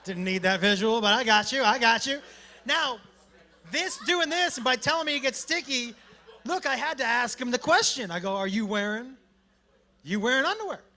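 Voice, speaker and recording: A man performing a stand-up comedy set, telling a story in a brash, loud way with shouted bursts, on a handheld mic at a comedy club. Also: very high-pitched, animated, moderate pace.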